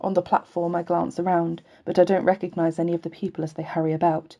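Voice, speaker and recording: Woman audiobook reader, low mellow voice, earnest even novel reading. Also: fast, a little hiss or hum. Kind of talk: novel read aloud.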